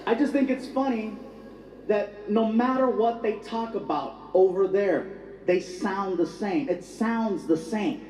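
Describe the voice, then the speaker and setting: A man doing stand-up comedy, telling stories in an animated way with sudden loud bursts. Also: high voice, measured pace, echoey room, slight background noise, low-quality recording. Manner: animated storytelling with bursts of shouting.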